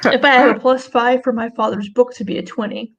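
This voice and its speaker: Woman player at a tabletop game, a touch high, with some fry; brief and casual. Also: steady tone, a little fast, fairly bright tone, lo-fi sound.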